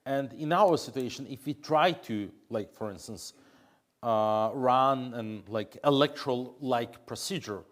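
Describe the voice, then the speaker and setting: A man's voice: medium pitch, a little slow. A man, answering interview questions in English with frequent fillers and restarts. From Russia. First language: Russian. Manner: hesitant, many fillers and restarts. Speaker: interview guest, opposition politician.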